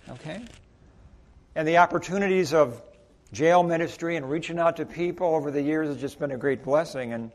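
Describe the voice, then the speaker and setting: Male preacher, fairly high voice, animated sermon delivery that voices both sides of little exchanges, recorded in a sanctuary. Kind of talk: sermon with prayer. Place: church sanctuary.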